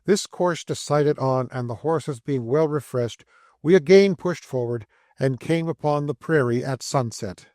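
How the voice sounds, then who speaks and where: A man's voice: mid-range voice, a little mellow, no echo, clean studio sound. Man narrating a classic travelogue. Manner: measured, descriptive storytelling. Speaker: audiobook narrator. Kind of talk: scripted audiobook narration.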